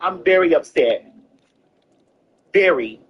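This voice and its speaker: Husky high-voiced man, emphatic. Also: animated, slow, muffled recording. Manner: emphatic and profane, with hesitant ums.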